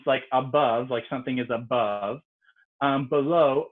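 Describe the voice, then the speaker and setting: A man's voice: mid-range voice, a little slow. A man, a native English speaker, teaching an online French lesson in a casual, explanatory way with frequent ums. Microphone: video call. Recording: tinny video-call audio.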